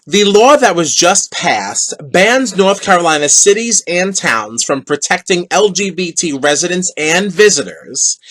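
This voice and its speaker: Guy ranting on his podcast, super animated, sassy, bright voice. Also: high voice. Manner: sassy, animated, whooping exclamations. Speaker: podcast host. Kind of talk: opinionated casual monologue.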